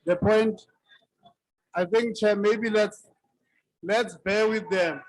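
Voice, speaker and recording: A man, a member of parliament speaking in a measured, mocking way. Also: high-pitched, fairly even intonation, no room sound, rough recording.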